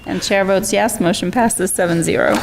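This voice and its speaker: Woman chairing a council roll call. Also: medium pitch. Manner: brisk, procedural roll-call reading. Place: town council chamber. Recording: clear background noise.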